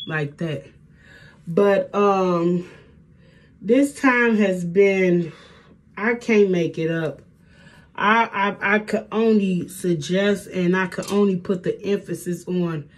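A middle-aged woman talking casually to her viewers at home, chatty and warm with plenty of y'all. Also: fairly low pitch, slow. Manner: chatty, addresses viewers as y'all, Southern US speech. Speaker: hair vlogger. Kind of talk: casual vlog chat.

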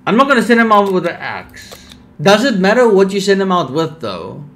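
A young man casually commenting on a survival game, reading its text aloud, laid-back and sleepy with sudden bursts of excitement. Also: high-pitched, fairly quick. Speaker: streamer.

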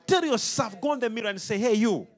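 A man preaching a sermon to a congregation, animated and full of call-and-response questions. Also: very high-pitched, quick pace.

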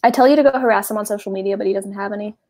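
Chatty Texan woman with a creaky voice. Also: mid-range voice, very fast, a little mellow. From Texas. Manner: chatty, rambling, self-deprecating. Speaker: book club livestream host. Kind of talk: casual livestream chat. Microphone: video call.

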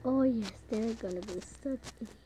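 A young woman giving casual gameplay commentary, excitable, shouting and swearing at the game. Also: fairly high pitch, normal speed, background noise. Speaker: gamer.

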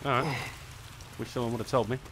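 A man's voice: medium pitch, steady tone, fast talker, noisy background. A man streaming a video game, rambling, swearing and mocking himself as he plays. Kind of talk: let's play commentary.

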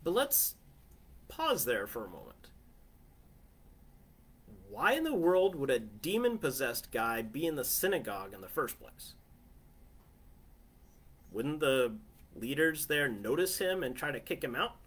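A man's voice: mid-range voice, sing-song, a little slow, long pauses, a bit bright, husky. A man preaching a sermon from his family living room in a conversational way, often asking listeners "right?". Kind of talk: home sermon.

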